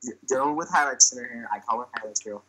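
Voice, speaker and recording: A man's voice: mid-range voice, fast, pushed and bright, a little hiss or hum, rough recording. A young man telling a comic story on a podcast in a chatty way, full of fillers, and acting out the lines he quotes.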